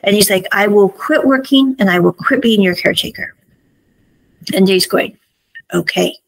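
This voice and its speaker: A woman's voice: mid-range voice, normal speed, dry recording, rough recording. A woman hosting a casual review show, retelling scenes of a drama in quoted dialogue with many asides. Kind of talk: casual recap and commentary.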